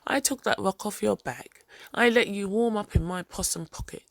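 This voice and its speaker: A woman's voice: moderate pace, vocal fry, no echo, close to an everyday voice. A woman voicing a timid, frightened male possum who whimpers and pleads in a told folktale. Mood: upset. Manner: whimpering, pleading, rising high.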